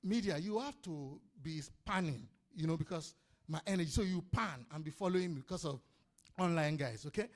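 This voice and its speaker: Lively high-voiced Nigerian seminar speaker. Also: male voice, a little fast. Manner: energetic, calls out to the audience, repeats points. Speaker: business speaker. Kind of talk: lively seminar talk to a live audience. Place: conference hall before an audience.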